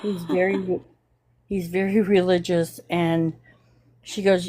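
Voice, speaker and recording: A woman's voice: lowish voice, level tone, a little slow, mellow. A woman telling a rambling anecdote in casual chat.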